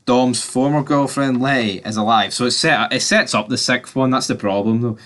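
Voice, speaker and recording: A man's voice: medium pitch, moderate pace, a bit bright. A man giving a casual, rambling film review, talking straight to his viewers and swearing now and then. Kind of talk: casual movie review vlog.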